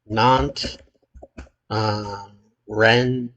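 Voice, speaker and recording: Very slow, halting man. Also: lowish voice, fairly even intonation, fairly bright tone, low-quality recording. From United States. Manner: hesitant, halting, frequent filler pauses. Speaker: channel host playing a geography quiz. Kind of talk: thinking-aloud quiz commentary.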